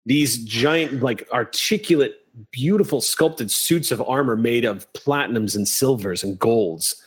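A man's voice: mid-range voice, unhurried, slightly rough. Male game master narrating a scene. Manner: descriptive, with fillers.

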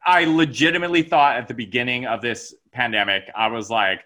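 A man hosting a podcast, talking casually in an animated, swearing, emphatic way. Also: mid-range voice, fairly quick, hardly any pauses. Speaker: podcast host. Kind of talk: casual chat.

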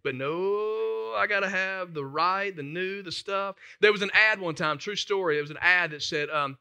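A man's voice: high voice, normal speed, vocal fry, few pauses, pushed and bright, clear, resonant tone. A man preaching a sermon as pastor, emphatic and conversational, putting questions to the congregation.

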